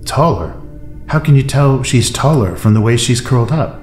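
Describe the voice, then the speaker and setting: A man's voice: medium pitch, lively intonation, moderate pace, darkish tone, pitched above the performer's own voice, lightly acted. A man voicing a blunt, skeptical male soldier who questions his captain. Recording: roomy echo, faint music bed.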